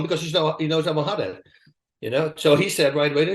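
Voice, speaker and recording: A man in an interview, telling stories in a lively, emphatic, casual way. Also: fairly high pitch, quick pace. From Netherlands. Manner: animated, emphatic storytelling with asides. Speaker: interview guest, retired fighter. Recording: echoey room.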